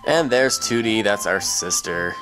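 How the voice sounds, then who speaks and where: A young man with a deep, low voice rambles through a video game, joking and filling gaps with ums and uhs. Loud game music plays under his casual commentary. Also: animated, unhurried. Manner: rambling, joking, lots of fillers. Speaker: let's play commentator.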